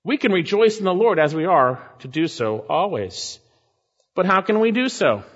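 A man preaching a sermon, emphatic, repeating key phrases and slowing down to stress scripture. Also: sits high, big pitch swings, slightly rough. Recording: dull long-reverb hall sound.

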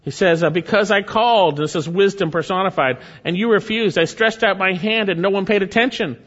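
A man's voice: high-pitched, fairly quick, fairly bright tone. A man preaching a sermon, fervent and emphatic, reading scripture aloud between his own remarks. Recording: dull lo-fi sound.

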